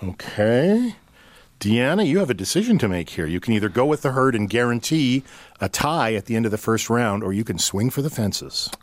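A man's voice: mid-range voice, normal speed, no room sound. A man hosting a radio puzzle game, reading out the rules and clues in a playful way. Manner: playful, lively delivery.

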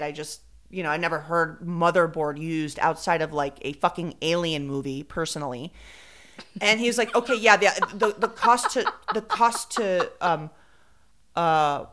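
A woman tells a story on a podcast. She talks in a casual, animated way and acts out each quote. Now and then she drops a Spanish phrase. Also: on the low side. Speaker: podcast co-host.

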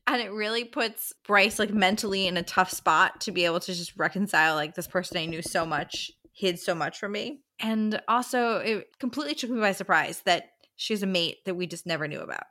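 A woman's voice: mid-range voice, a little fast, hardly any pauses, pushed and bright. A woman co-hosting a book podcast, reflecting thoughtfully on a character. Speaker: podcast co-host. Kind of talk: casual book discussion.

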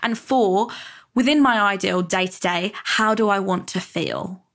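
A woman's voice: medium pitch, measured pace, a bit bright. Chatty British woman podcast host. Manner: chatty and rambling, with frequent fillers and self-corrections. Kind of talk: casual solo podcast talk.

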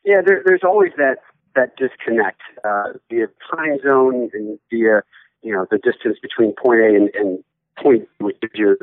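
A man's voice: lowish voice, moderate pace, dry recording. Man in his forties, soccer broadcaster, chatty and rambling, heard over a tinny dry call line. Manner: chatty, rambling with many restarts. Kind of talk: casual podcast chat.

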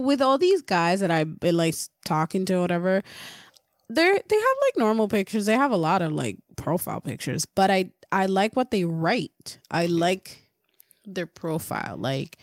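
A woman's voice: mid-range voice, sing-song, normal speed, dry recording, clean studio sound. A woman from Puerto Rico co-hosting a podcast, chatting casually, laughing often, swearing freely and acting out quoted texts. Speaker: podcast co-host. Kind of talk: casual chat.

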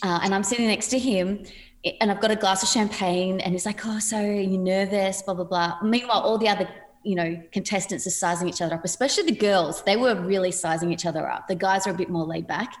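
Casting note: woman, 40s, chatty interview guest, animated storyteller with laughs. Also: medium pitch, quick pace. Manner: chatty, laughing, lively quoted voices. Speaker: podcast guest.

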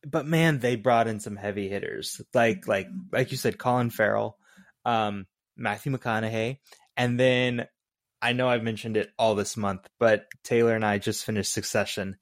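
Excitable man in casual movie chat. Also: lowish voice, normal speed, dry recording, clean studio sound. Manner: animated, excitable, laughs often, frequent filler words. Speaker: podcast co-host.

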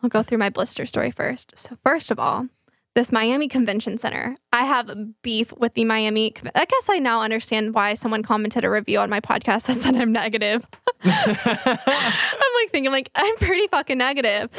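A woman's voice: a little high, moderate pace, creaky, fairly bright tone, dry recording, clean studio sound. A woman hosting a podcast, telling stories in casual chat and swearing freely. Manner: chatty storytelling, swears freely. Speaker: podcast host.

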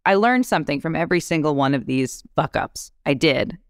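A woman shares stories on a podcast with lively, laugh-filled candor and casual swearing. Her voice is smooth and clear, recorded close and dry with no room sound. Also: deep voice, brisk, dry recording. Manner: animated, laughing, acts out quotes. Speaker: actress guest. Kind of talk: candid podcast storytelling.

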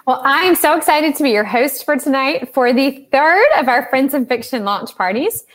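A woman's voice: high-pitched, animated, moderate pace, fairly bright tone. A bubbly woman hosting a book launch party, laughing often. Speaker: host. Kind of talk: casual chat.

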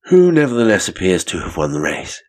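A man playing a cool, brisk young detective. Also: sits low, huge pitch swings.

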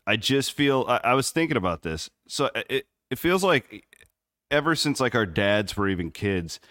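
A man's voice: medium pitch, very animated, moderate pace, fairly bright tone, dry recording, clean studio sound. A man from Southwest Iowa co-hosting a live sports podcast, rambling through casual chat with lots of fillers. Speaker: podcast co-host. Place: on the road in Memphis.

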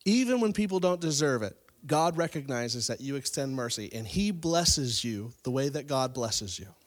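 Giving a sermon, this pastor narrates a Bible story in a conversational way, swinging from loud emphasis to quiet speech. His male voice is medium in pitch, animated, and moderately paced.

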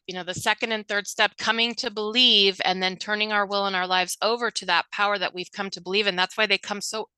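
A woman's voice: medium pitch, pushed and bright, clean tone, dry recording, low-quality recording. A woman talking earnestly and with animation about recovery and spirituality in a casual conversation.

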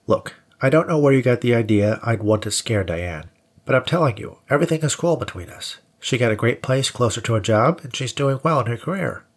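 A man's voice: mid-range voice, lively intonation, a little fast, voice pushed up. A man voicing a defensive, evasive ex-boyfriend in an audiobook, with a whiny, protesting delivery. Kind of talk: audiobook character voice.

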